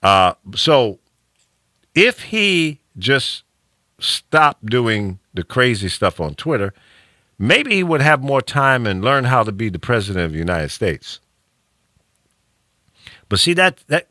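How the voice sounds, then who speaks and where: A man hosting a radio talk show in casual, opinionated chat, emphatic and quick to laugh. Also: medium pitch, no room sound, studio quality. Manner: animated, emphatic, laughs often. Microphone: studio mic.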